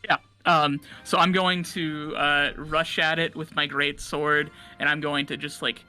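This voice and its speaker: A man's voice: fairly high pitch, flat delivery, unhurried, bright, forceful tone, smooth, faint music behind. A young man playing a tabletop game, hesitant and full of ums, often laughing. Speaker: player.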